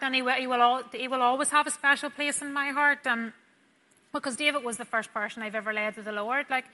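A woman's voice: a little high, bright, forceful tone. A Northern Irish woman giving a personal faith testimony, chatty and heartfelt, acting out the dialogue as she tells it. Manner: chatty, acts out dialogue, says "wee" often. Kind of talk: heartfelt storytelling. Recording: long hall reverb.

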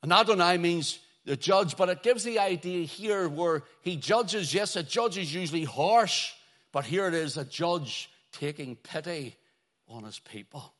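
Preaching with a slightly high voice and lively intonation, a man alternates loud, stretched-out exclamations with quiet, dropping phrases. He leans hard on key words.

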